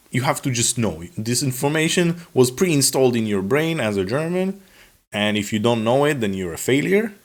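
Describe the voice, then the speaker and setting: Sarcastic man vlogging about expat life. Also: on the low side. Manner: sarcastic, animated, acts out officials in quotes. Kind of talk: casual talk to camera.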